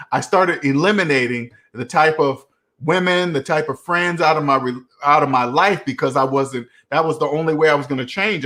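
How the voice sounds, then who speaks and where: A man's voice: a little high, a bit bright. A man in his forties hosting a casual live Q&A, telling rambling stories that he keeps punctuating with "right?" and the odd chuckle. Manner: rambling, repeats "right?" often. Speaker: host.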